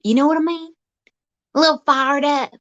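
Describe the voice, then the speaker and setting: A woman's voice: high voice, steady tone, normal speed, a bit bright, highs cut off. A woman hosting an outdoor vlog, rambling in a folksy, teasing comic monologue. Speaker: vlog host.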